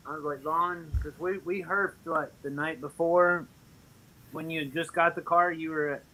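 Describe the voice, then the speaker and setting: Bright-voiced man hosting a podcast. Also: a little high, steady tone, moderate pace, a little hiss or hum, low-quality recording. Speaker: podcast host. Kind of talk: casual chat.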